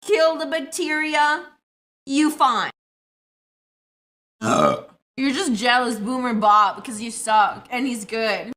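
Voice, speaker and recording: A woman's voice: on the high side, takes it slowly, fairly bright tone. A young woman streaming casually to her chat, talking loosely and apologizing over and over. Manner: chatty, keeps apologizing.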